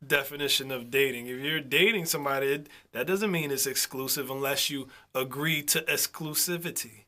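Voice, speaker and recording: Young man, bright clear tone, mid pitch, teasing arguer who stumbles over repeated words. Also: fairly even intonation, brisk. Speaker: co-host of a couple's vlog. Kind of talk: casual chat.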